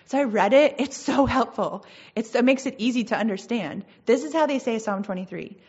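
A woman's voice: fairly high pitch, a little fast, a little mellow, husky, highs cut off. A woman giving an earnest, conversational Christian teaching, with casual asides between points. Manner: earnest, conversational, reads scripture aloud.

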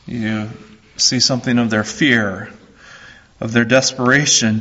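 A man preaching a sermon as a pastor, slow and earnest, repeating his phrases. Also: mid-range voice, steady tone, pushed and bright, highs cut off.

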